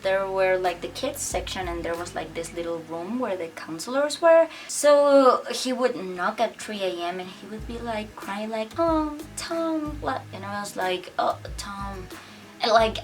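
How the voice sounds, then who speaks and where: A woman's voice: medium pitch, far from the mic. A young woman chatting casually to camera as she tells a personal story, filling her talk with "like" and acting out what people said. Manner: chatty, many "like" fillers, acts out quotes. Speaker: vlogger telling a personal story.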